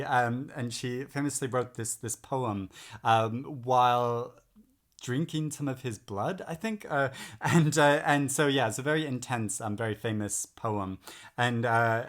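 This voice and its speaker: A man's voice: mid-range voice, fairly bright tone. A middle-aged man talking through new books in a casual vlog, enthusiastic and rambling with frequent hesitations. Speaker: book vlogger. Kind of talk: casual book-haul chat. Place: home in England.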